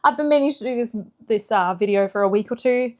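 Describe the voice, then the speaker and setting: A woman book vlogger in casual chat, chatty and animated with lots of fillers. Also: a little high, quick pace. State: slightly out of breath.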